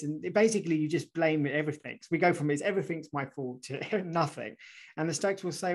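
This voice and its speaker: A male author talks through ideas in an animated, conversational way. He restarts sentences and keeps checking in with "right?" as he explains. His voice sits a little above average pitch. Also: fairly quick. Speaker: author and guest. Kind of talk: conversational interview.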